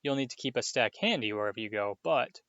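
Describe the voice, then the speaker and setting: A man's voice: mid-range voice, animated, quick pace, a bit bright, dry recording. A man voicing a vain celebrity teacher with a jovial, pompous, hearty manner. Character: vain, booming grown male celebrity teacher. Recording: dull, dry lo-fi recording.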